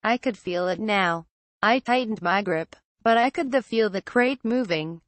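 A woman narrating a first-person horror story in a steady reading voice. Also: mid-range voice, a little slow, no room sound.

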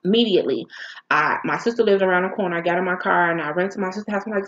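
A woman vlogger telling a painful personal story in an emotional, halting, candid way. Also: fairly low pitch, a bit bright, muffled recording.

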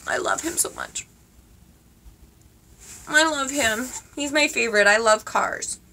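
A woman in her twenties chatting casually to her viewers as she unboxes gifts, gushing and excitable with lots of fillers. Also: on the high side, unhurried, creaky, slight background noise. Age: 20s. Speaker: vlogger.

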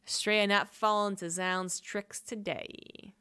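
A woman's voice: mid-range voice, fairly even intonation, unhurried, pushed and bright, slight background noise. Casual American woman casting a game. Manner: casual, rambling, self-correcting. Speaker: esports caster. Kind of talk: live game commentary. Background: music.

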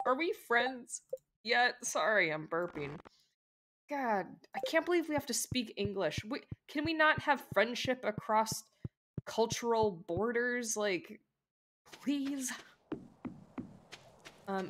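A young woman streamer chatting casually with viewers while playing, rambling with lots of "like" and quick laughs. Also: fairly high pitch, lively intonation, noisy background. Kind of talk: casual gameplay chat with viewers.

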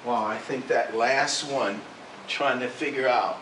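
A man speaks very slowly and haltingly, leading a class discussion. He is heard from a distance in an echoey room, with clear background noise. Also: mid-range voice, fairly even intonation. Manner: slow, thoughtful, halting. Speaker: class leader.

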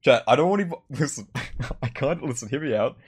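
A young male streamer chats casually to his viewers while gaming, rambling, joking, and repeating himself as he talks to chat. His mid-range voice is expressive and a little fast, with a breathy edge.

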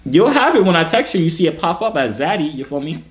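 A man's voice: on the high side, big pitch swings, quick pace. A man in his twenties making teasing, slangy small talk with strangers on a video chat app. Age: 20s. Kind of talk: casual flirty banter. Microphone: computer or phone mic, video call.

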